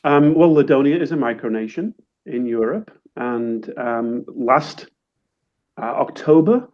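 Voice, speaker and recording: A man from England, with a middle-pitched voice, speaking as a webinar panel guest. He answers in a dry, understated way, and his audio sounds dull and lo-fi. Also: expressive, measured pace. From northern England. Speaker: panel guest, marketing executive.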